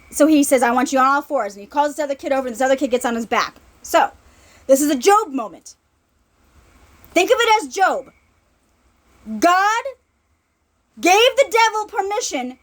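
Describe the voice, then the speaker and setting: Woman ministry speaker, informal sermon, high animated voice, chatty and repetitive. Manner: conversational, repeats herself, checks in with "right?".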